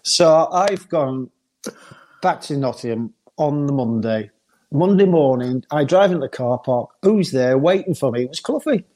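An older man, telling a lively football anecdote and often laughing. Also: medium pitch, normal speed. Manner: laughs often, lively storyteller acting out others. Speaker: former footballer guest.

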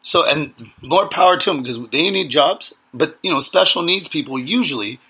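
A man's voice: a little high, animated, normal speed, bright, forceful tone, breathy edge. A man, co-hosting a casual podcast chat and telling crude, joking stories. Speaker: podcast co-host.

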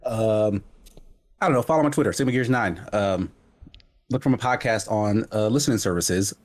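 A man appearing as a guest on a livestream chat, relaxed, teasing, and full of fillers. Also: on the low side, normal speed. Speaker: guest streamer.

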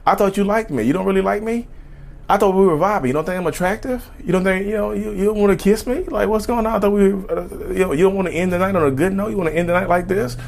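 A man's voice: sits high, quick pace, vocal fry, darkish tone, voice pushed up. A man with a slight lisp putting on the voice of a pushy date, pleading and guilt-tripping to get a kiss. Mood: wheedling.

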